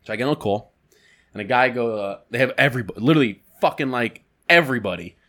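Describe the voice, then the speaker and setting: A man talks quickly on a casual podcast and tells a long work story. He acts out the people he quotes, his voice jumping up for the angry ones. He swears freely and keeps the chat loose. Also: medium pitch, pushed and bright. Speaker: podcast co-host.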